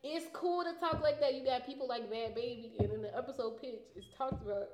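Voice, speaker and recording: A woman's voice: sits high, brisk, darkish tone. A young woman talking animatedly in a casual panel discussion, laughing often and mimicking voices. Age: young adult. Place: garage. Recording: echoey garage room.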